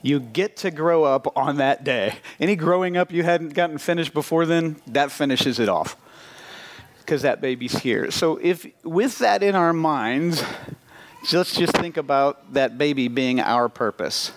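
Man preaching with animated storytelling. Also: a little high, unhurried. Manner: animated storytelling with acted-out dialogue. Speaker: pastor. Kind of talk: sermon.

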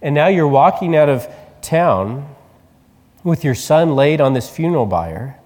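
A male pastor delivering a sermon in a conversational, animated storytelling manner. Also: a little high, a little slow, in a large hall. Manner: conversational preaching, animated retelling.

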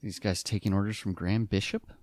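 A man's voice: fairly low pitch, fairly even intonation, a little fast, darkish tone, dry recording, studio quality. A man riffing on a movie with sarcastic, wisecracking asides. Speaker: movie riffer. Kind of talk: riffing commentary over a movie.

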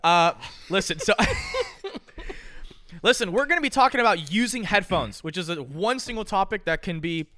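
A man's voice: sits high, lively intonation, moderate pace, bright, forceful tone, no room sound. A young man hosting a podcast in casual, profane, joking chat into a studio mic. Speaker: podcast host.

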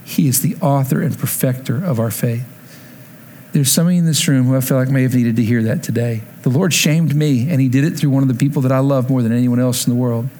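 A pastor in his forties preaches a sermon, recounting a personal story with animated quoted lines and going soft for moments of reflection. He talks fast at a medium pitch, and there's a little hiss or hum in the recording.

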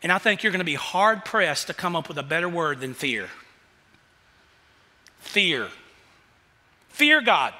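A man's voice: a little high, lively intonation, fast talker, few pauses, bright, forceful tone, in a large hall. A man preaching a sermon as pastor, telling stories in a conversational way.

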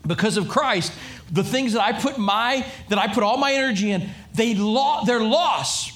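Man, middle-aged pastor, lively preaching, bright high voice, repeats himself. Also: moderate pace. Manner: animated, acts out voices, repeats and restarts. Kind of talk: sermon.

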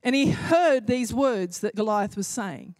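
A woman's voice: fairly high pitch, lively intonation, a little slow, a little mellow, no echo, studio quality. A woman preaching a sermon in an impassioned way, building to emphatic repeated phrases.

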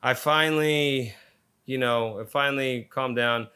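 A man's voice: mid-range voice, steady tone, measured pace, bright, forceful tone, clean tone. A man casually telling a story, swearing constantly and retelling it with energy.

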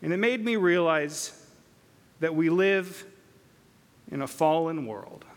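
A man pastor telling a story in a sermon, conversational with many filler pauses. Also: a little high. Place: church sanctuary. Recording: long hall reverb.

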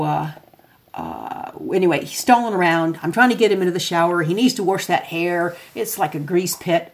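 A chatty woman talking through a casual podcast monologue. Her voice sits a little on the low side, and she laughs easily as she rambles along. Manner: chatty, self-described extrovert, laughs often. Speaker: podcast host.

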